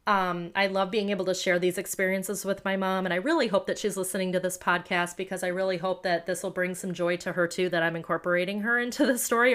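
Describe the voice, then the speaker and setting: A woman's voice: medium pitch, fairly bright tone. An American woman hosting a podcast, telling travel stories in a chatty, rambling way with many fillers. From United States. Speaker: podcast host. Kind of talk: casual travel storytelling.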